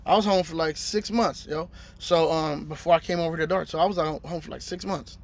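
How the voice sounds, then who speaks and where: A man's voice: on the high side, steady tone, brisk, gravelly. A man in his thirties, a truck driver telling a story in a casual, slangy vlog and acting out his phone calls.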